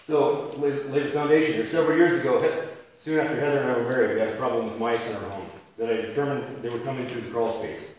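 Male preacher, conversational storytelling, mid-pitched voice, faint hiss. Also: steady tone, fast talker. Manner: conversational, chuckling, many restarts. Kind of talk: storytelling sermon. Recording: echoey room, distant mic, faint hiss.

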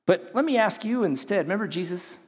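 A man's voice: sits high, lively intonation, brisk. A man preaching a casual, story-driven sermon to young people, acting out the voices of people he quotes. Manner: conversational storytelling, acts out quotes. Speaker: youth pastor. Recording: long hall reverb.

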